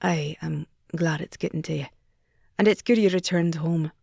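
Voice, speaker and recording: Woman narrator doing a Scottish accent, guarded young rock star, clipped, deeper voice, dry sound. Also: moderate pace, gravelly, dark tone, husky, dry recording, heavily acted. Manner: terse, guarded.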